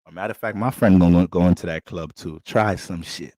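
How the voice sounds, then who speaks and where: A man's voice: low voice, a little fast, warm tone, no room sound, studio quality. A man giving an astrology forecast in a casual, blunt and profane way. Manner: blunt, streetwise and heavy on profanity. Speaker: astrologer giving a sign reading.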